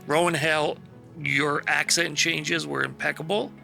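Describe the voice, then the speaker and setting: A man's voice: a little high, flat delivery, a little slow, creaky, loud music behind the voice. A man hosting a stream, chatting casually after a game session and praising his fellow players with rambling enthusiasm and casual swearing. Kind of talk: casual post-session chat.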